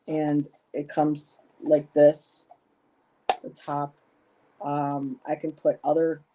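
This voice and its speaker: A woman in a casual vlog, talking to her viewers with many ums and pauses, gushing and emotional. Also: low voice, warm tone, a little hiss or hum. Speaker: vlogger.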